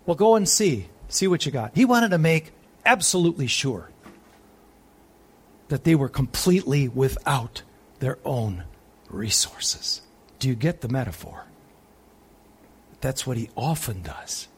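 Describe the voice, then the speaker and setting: Male preacher, slightly high voice; energetic and emphatic, sinks to hushed asides, reads scripture and asks questions. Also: normal speed. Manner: swings from excited, emphatic highs to hushed, soft reflection. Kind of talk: Bible teaching sermon.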